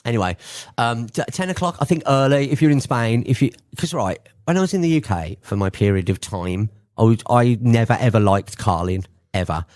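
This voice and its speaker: A man's voice: mid-range voice, expressive, brisk, hardly any pauses, a little mellow. A man co-hosting a radio chat show, talking in a rambling, joking way with lots of restarts. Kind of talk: casual chat.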